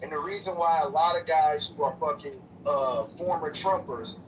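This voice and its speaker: A fired-up man argues politics in a heated debate, cursing and restarting his sentences as he pushes his point. His voice sits a bit high. He sounds far from the mic on a dull, lo-fi feed with a faint hiss. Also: normal speed. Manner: profane, repetitive, forceful restarts. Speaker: debate participant. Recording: distant lo-fi stream audio with faint noise.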